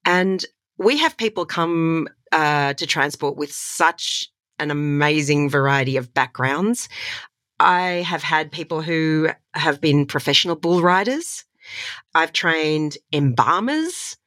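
Slow-paced and low-sitting, this Australian-accented woman's voice comes through studio-clean with no room sound. A voiceover artist and voice coach, she tells animated, laugh-filled stories with enthusiasm in a conversational interview.

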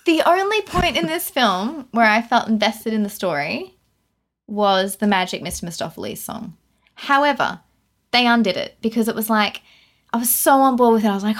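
Animated ranting woman podcaster. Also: a little high, fairly quick. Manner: animated, incredulous, ranting with laughs. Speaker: podcast co-host. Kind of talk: casual film review chat.

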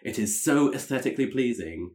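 A man's voice: mid-range voice, lively intonation, brisk, darkish tone. A man in his late twenties co-hosting a podcast, chatting in a cheeky, teasing way with frequent giggles. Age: late 20s. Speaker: podcast co-host. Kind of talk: casual comedic chat.

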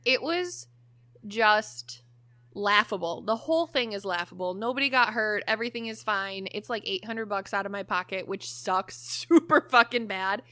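A young woman co-hosting a podcast, telling a story in a lively way, swearing freely and laughing often. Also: mid-range voice, normal speed, no room sound. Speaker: podcast co-host. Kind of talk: casual chat, storytelling.

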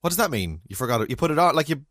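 A man's voice: fairly high pitch, very animated, racing, a bit bright, no room sound. A tired man hosting a podcast from a home studio, playful and teasing in casual chat. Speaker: podcast host.

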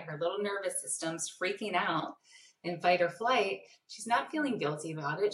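A woman parenting coach answering interview questions in a lively way, acting out the voices in her stories. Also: fairly low pitch, a little hiss or hum. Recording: echoey room, distant mic.

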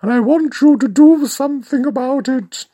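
A woman's voice: high voice, moderate pace, dark tone, pitched above the performer's own voice. A man doing a brash posh young woman. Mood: demanding.

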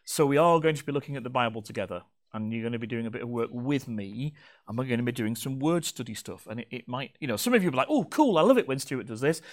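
A man's voice: medium pitch, quick pace. A man preaching a sermon to his congregation, playful and teasing. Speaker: pastor. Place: church hall.

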